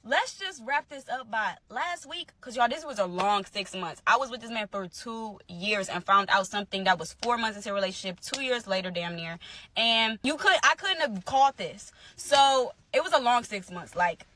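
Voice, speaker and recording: High, bright young woman telling a story. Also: normal speed, slight background noise. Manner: animated, emphatic, repeats phrases. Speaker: storyteller in a social media clip. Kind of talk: casual storytelling to followers.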